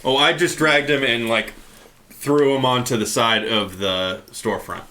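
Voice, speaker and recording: A man's voice: mid-range voice, fairly even intonation, unhurried, pushed and bright. A man player in a tabletop game, describing his character's actions in a casual, rambling way.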